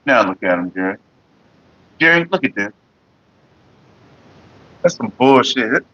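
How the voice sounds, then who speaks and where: On a muffled recording, a man of mid-range pitch hosts a smoking session on his casual vlog, his delivery unhurried, pushed and bright with big swings in pitch. He rambles, jokes loosely, and talks to his viewers and chat by name.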